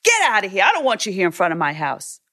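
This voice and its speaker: A woman putting on the voice of an angry male mob boss who talks in heavy street dialect and demands answers in a loud voice. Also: medium pitch, wildly swooping pitch, quick pace, pitched above the performer's own voice, exaggerated voice.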